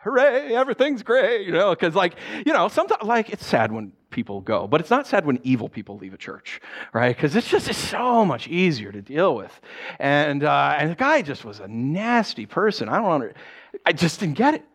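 A male pastor preaching a sermon in an animated, jokey way, acting out the people in his stories. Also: on the high side, moderate pace, husky.

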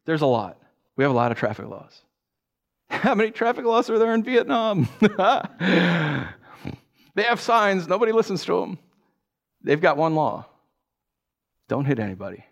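A middle-aged man giving a sermon as a pastor, telling stories with animated energy, acting out scenes with sound effects and often restarting his phrases. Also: sits high, unhurried, pauses often, dull audio. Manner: repeats words, restarts phrases.

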